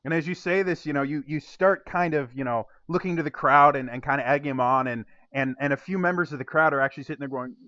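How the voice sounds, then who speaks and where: A man's voice: a little high, brisk, bright, forceful tone, no echo, highs cut off. A young man narrating a tabletop game as game master, with a rambling delivery full of fillers.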